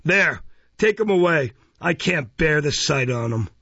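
A pompous, blustering parish beadle, as a man puts him on for a storybook reading, barking his words in a raised, gravelly voice. The recording is dry and dull. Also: a little high, measured pace, no room sound, pitched above the performer's own voice, exaggerated voice. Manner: blustering, loud and imperious. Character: pompous bullying male parish beadle, middle-aged.

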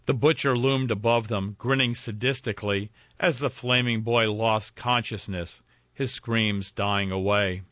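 A man narrating a folk ghost story in a measured, dramatic reading. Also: on the low side, fairly even intonation, fairly bright tone, dry recording. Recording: dry, dull lo-fi with faint music.

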